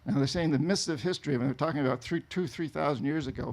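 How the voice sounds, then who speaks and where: A man from New England telling a travel story to an audience in an animated way, laughing often. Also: on the high side, quick pace. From New England, USA. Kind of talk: storytelling talk.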